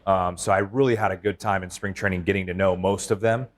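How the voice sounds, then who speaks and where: Low-voiced baseball manager, loose and rambling. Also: male voice, fast. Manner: relaxed, rambling, frequent fillers and restarts. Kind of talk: casual interview chat.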